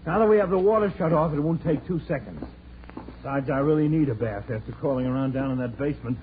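A man's voice: mid-range voice, fast talker, natural voice. An actor playing a harried, stubborn middle-aged father who blusters and gets exasperated, in a 1940s-style radio comedy. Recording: tinny old radio broadcast with hiss.

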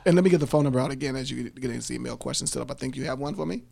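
A man hosting a radio talk show, reading out phone numbers and addresses slowly and with care. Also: medium pitch, vocal fry, warm tone, slightly rough.

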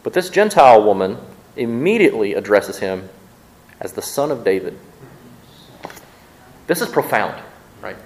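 A male pastor preaching a sermon in a church, speaking conversationally to his congregation and often repeating words quickly as he thinks aloud. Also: fairly low pitch, very animated, a little mellow, poor audio.

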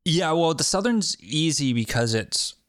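A man's voice: fairly high pitch, expressive, measured pace, fairly bright tone, no room sound, clean studio sound. A man co-hosting a casual podcast, chatting playfully and laughing easily. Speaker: podcast co-host. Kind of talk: casual chat.

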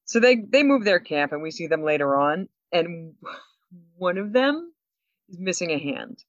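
A woman co-hosting a podcast, telling a story with lots of laughs and quick asides. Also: fairly low pitch, sing-song, dry recording, muffled recording. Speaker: podcast co-host. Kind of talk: casual chat.

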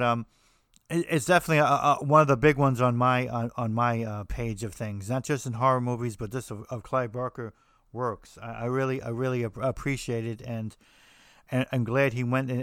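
A man's voice: mid-range voice, fairly bright tone, dry recording, studio quality. An American man hosting a podcast, talking casually in a rambling way with frequent restarts and fillers. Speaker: podcast host. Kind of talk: casual monologue on horror films.

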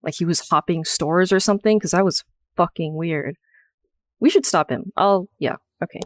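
A woman's voice: lowish voice, normal speed, no room sound, studio quality. A woman co-hosting a casual podcast, telling a story in short, loose fragments. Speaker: podcast co-host. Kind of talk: casual roundtable podcast chat.

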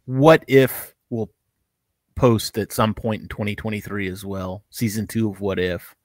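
A man's voice: lowish voice, fairly even intonation, measured pace, no room sound. A man co-hosting a live fan talk show, chatting casually and rambling, often restarting his sentences. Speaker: podcast co-host.

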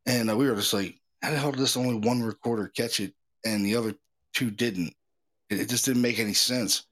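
A man's voice: mid-range voice, a bit bright. Laid-back man hosting a podcast. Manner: laid-back, slangy storytelling. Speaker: podcast host. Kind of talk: casual chat.

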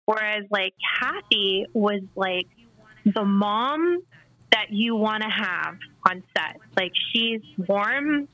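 A woman's voice: mid-range voice, expressive, slow, pushed and bright, lo-fi sound. A woman guest chatting casually in an interview, telling candid stories about acting and stunt work. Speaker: actress and stunt performer guest.

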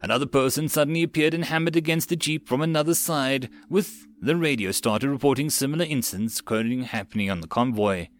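A man reading a web novel audiobook in a plain, steady narrating manner with occasional slips. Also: mid-range voice, fast, few pauses.

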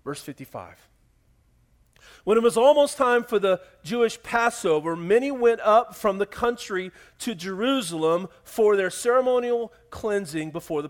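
A male pastor preaching in a church, moving from hushed pleading to loud, excited storytelling. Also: sits high. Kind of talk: sermon.

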